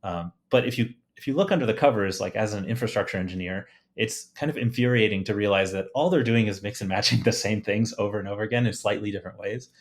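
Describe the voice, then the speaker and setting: With a lowish voice and a quick pace that leaves hardly any pauses, this podcast guest, an engineer, talks shop casually. He's enthusiastic, often restarting sentences, dropping fillers, and laughing lightly.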